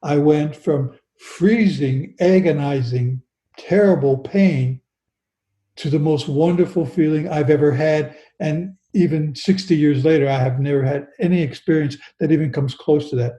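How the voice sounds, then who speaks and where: An older man recounts a personal story with slow, earnest pacing, often circling back and restarting his words. His voice is mellow, sits a touch high for a man, and carries an echo from the room around him. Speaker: guest.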